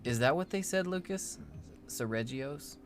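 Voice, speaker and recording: A man's voice: fairly high pitch, animated, unhurried, slight background noise. A man co-hosting a gaming livestream, chatting casually and rambling playfully. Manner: rambling, playful, fond of mock pronunciations. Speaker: livestream co-host. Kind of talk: casual gaming stream chat.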